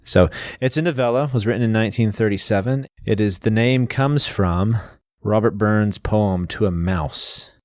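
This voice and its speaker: A man's voice: on the low side, moderate pace, few pauses, darkish tone, dry recording, clean studio sound. A man hosting a podcast, casually explaining a novel's background and stopping to restart his sentences. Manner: explanatory, lists facts, frequent restarts. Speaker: podcast host. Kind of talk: casual book discussion.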